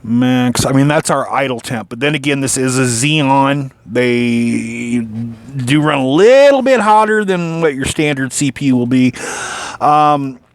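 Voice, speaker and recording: A man's voice: medium pitch, unhurried, dry recording. Rambling man walking through his PC build. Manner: rambling, filler-heavy, frequent restarts and mild swearing. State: has the hiccups. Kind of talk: casual hands-on build walkthrough.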